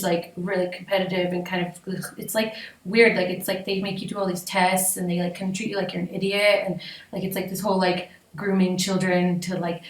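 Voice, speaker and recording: Chatty young woman in an echoey room. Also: medium pitch. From United States and Mexico. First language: Spanish. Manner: chatty, lots of fillers and laughter. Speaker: guest artist. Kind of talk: casual interview chat. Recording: roomy, echoey, mic at a distance.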